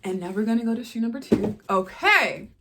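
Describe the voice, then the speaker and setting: A woman in her twenties chatting casually and excitedly as she unboxes shoes, full of playful asides and filler words. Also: a little high, brisk, heavy background noise. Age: 20s. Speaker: fashion vlogger.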